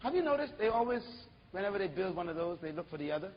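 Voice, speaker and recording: A man preaching an animated sermon as pastor, full of rhetorical questions. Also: high voice, rapid-fire, long reverb tail, highs cut off.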